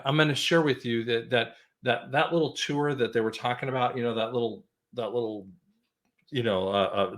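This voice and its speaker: A man's voice: mid-range voice, a bit bright. A man hosting a talk show, speaking in an emphatic, preaching way and repeating himself for stress. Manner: emphatic, repeats "I'm telling you". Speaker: host.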